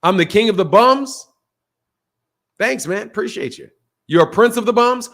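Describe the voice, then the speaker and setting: A man's voice: high voice, lively intonation, moderate pace, a bit bright. A man hosting a live-streamed boxing talk show, reading super chats and firing back at trolls, often repeating himself. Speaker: boxing channel host.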